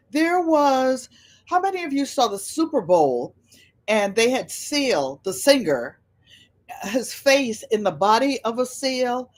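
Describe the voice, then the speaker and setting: Older woman hosting a livestream, rambling casual chat, welcomes viewers by name. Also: fairly high pitch. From United States. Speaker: livestream host.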